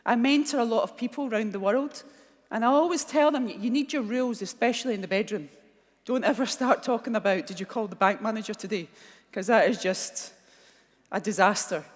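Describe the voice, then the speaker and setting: A middle-aged Scottish woman giving a keynote speech, telling blunt, animated stories and acting out the dialogue. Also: a little high, a little fast. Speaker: keynote speaker. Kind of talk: motivational keynote storytelling. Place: large conference hall. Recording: long hall reverb.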